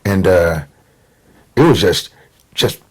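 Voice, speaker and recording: A man's voice: sits low, animated, slow, husky. A middle-aged man from Portland, Oregon, telling stories as a guest in a casual conversation and acting out the voices of people he quotes. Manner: easygoing storyteller, acts out quotes.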